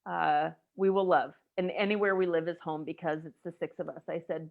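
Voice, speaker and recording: A woman in her forties from the United States, telling a personal story in a casual group chat, animated and emotional. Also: sits low, brisk, creaky, hardly any pauses, phone-quality sound. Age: 40s.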